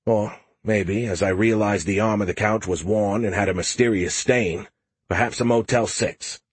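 Male narrator, first-person audiobook, lowish, husky, dry close mic. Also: fairly even intonation, moderate pace, no room sound. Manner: wry, self-deprecating.

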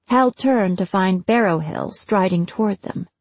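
Husky woman reading a storybook. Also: mid-range voice, unhurried, darkish tone, dry recording. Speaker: audiobook narrator. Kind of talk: scripted narration.

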